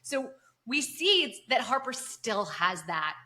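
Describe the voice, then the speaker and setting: A woman's voice: on the high side, slow. A woman co-hosting a podcast, recapping a TV episode in casual chat and acting out the characters' lines. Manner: animated, acts out quoted dialogue. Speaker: podcast co-host.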